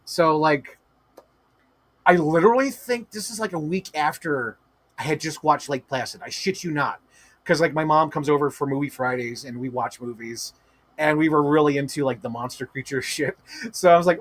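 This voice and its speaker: Hyped guy streamer rambling and cussing, kinda high voice, dry close mic. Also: moderate pace, dry recording. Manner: gushing, profane, rambling with many "like" fillers. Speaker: livestream host. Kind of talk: excited casual livestream chat.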